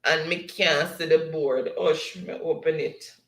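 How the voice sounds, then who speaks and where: Slow, gravelly man laughing through chat. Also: a little high, fairly even intonation, fairly bright tone, reverberant. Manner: laughs often, slow and easygoing. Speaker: livestream host. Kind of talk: reading live chat aloud.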